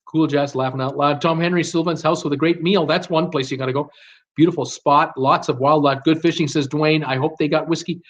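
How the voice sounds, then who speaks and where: A man's voice: on the high side, fairly even intonation, fairly quick. A middle-aged man hosting a live stream, casually reading out viewer comments and answering them with many fillers and restarts. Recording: dull lo-fi stream audio.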